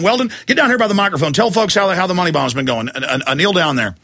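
Fired-up gravelly man hosting radio. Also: high-pitched, animated, fast, few pauses. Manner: loud, hyped, shouting. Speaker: radio show host. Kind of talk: fired-up live broadcast fundraising pitch.

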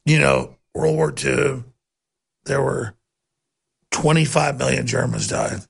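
A man's voice: medium pitch, takes it slowly, creaky, breathy edge. A man hosting a talk radio show, ranting with heated, repeated rhetorical questions. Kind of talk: loud talk radio rant.

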